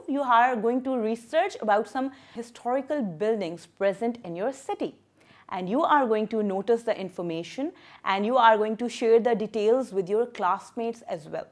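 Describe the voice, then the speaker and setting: Female primary English teacher, animated pitch, emphatic and patient, recorded lesson walkthrough. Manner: lively and emphatic, stressing syllables and key words; patient, repeats words for young learners.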